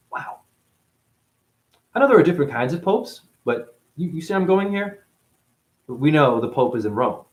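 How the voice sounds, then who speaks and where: A man's voice: medium pitch, roomy sound. A man hosting a spiritual talk show, rambling through a monologue full of rhetorical questions and playful asides.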